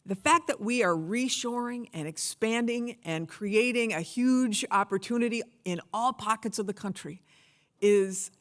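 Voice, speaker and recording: A woman's voice: fairly high pitch, unhurried. A middle-aged woman from the United States giving a conference keynote speech, telling stories in a conversational way with fillers and restarts. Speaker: keynote speaker.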